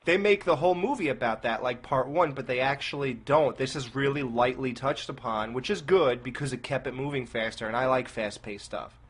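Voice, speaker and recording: A man's voice: medium pitch, brisk, hardly any pauses, husky. A man hosting a podcast in casual chat, rambling and asking hesitant questions. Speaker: podcast host.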